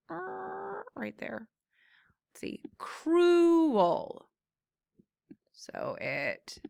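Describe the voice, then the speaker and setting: A woman's voice: medium pitch, gravelly, fairly bright tone, no echo, studio quality. A woman teacher patiently explaining syllable patterns in a classroom phonics lesson. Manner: slow, patient explaining with drawn-out words.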